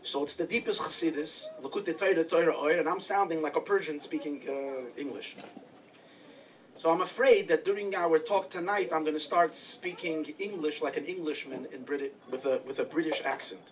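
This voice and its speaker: A high-voiced man from New York tells a Hasidic story in a chatty, humorous lecture. He sounds set back from the microphone in a lecture hall, with faint noise underneath. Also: brisk, recorded from a distance. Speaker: rabbi and lecturer.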